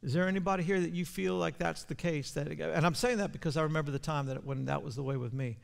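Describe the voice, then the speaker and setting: Gravelly preacher in a reverberant church. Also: male voice, a little high, fast. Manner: repeats words, builds to loud fervent preaching. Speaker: pastor. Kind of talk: sermon. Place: church sanctuary. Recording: long church hall reverb.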